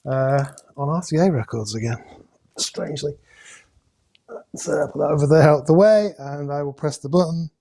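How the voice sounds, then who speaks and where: A man hosting a casual live-stream raffle draw from indoors, talking in a chatty, halting way with many hesitations and jokey asides. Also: on the high side, creaky, dark tone, slight background noise. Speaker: host drawing raffle prizes. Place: indoors at home with a camera crew.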